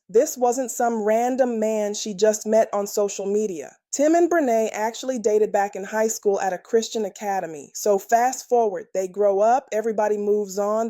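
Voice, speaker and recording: A woman's voice: mid-range voice, dark tone, dry recording, studio quality. A woman hosting a true-crime podcast, delivering scripted commentary with sassy, playful slang asides. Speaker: podcast host.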